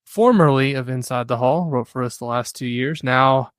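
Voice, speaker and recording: Smooth-voiced male podcast host, casual. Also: mid-range voice, moderate pace, no echo. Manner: filler-heavy, conversational with frequent "uh". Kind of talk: casual sports podcast chat.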